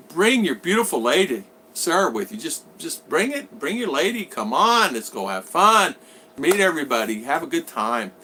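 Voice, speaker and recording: Chatty American man with a bright voice. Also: a little high. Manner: rambling, reads viewer comments aloud, frequent fillers. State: recovering from a cold. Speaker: vlog host. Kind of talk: casual live stream chat. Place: home in the Philippines.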